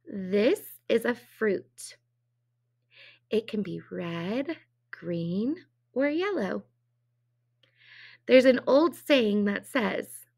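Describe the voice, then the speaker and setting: Teacher lady doing phonics for little kids, kinda high voice, slow and cheery. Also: creaky, a little mellow. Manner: slow, exaggerated sounds for young children; cheerful, encouraging questions. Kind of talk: early-reading phonics lesson.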